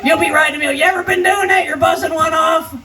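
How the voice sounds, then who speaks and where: Brash older woman shouting raunchy stand-up. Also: extremely high pitch, fairly even intonation, fast. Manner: brash and crude, shouting punchlines. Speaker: stand-up comedian. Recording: live stage sound, distant, crowd noise. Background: noisy party crowd.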